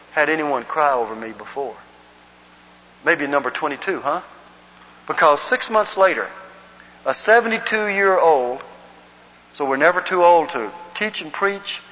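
A man's voice: on the high side, a bit bright. A man from the Southern United States teaching an evangelism class at church, telling a personal story earnestly and leading the group in reciting verses. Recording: muffled recording in a long-reverb hall.

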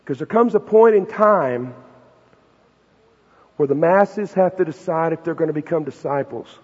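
A pastor preaching an emphatic, conversational sermon in a church, peppered with rhetorical questions. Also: male voice, a little high, animated, measured pace, a little mellow, breathy edge. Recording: dull, reverberant hall recording.

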